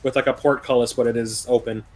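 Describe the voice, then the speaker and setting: A man narrating as game master of a tabletop game, laid-back and quick to laugh. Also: mid-range voice, little pitch movement, a little mellow.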